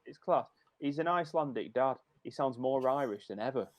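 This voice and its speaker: A man's voice: mid-range voice, expressive, brisk, dull audio. A man chatting casually on a podcast about a film, quoting favourite lines and laughing often. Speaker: podcast guest.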